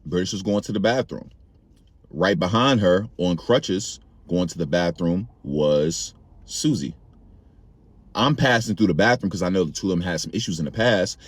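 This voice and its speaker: A man's voice: low-pitched, lively intonation, normal speed, breathy edge, no echo, voice pushed down. A man voicing a school security guard who reports events plainly. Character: matter-of-fact school security guard woman.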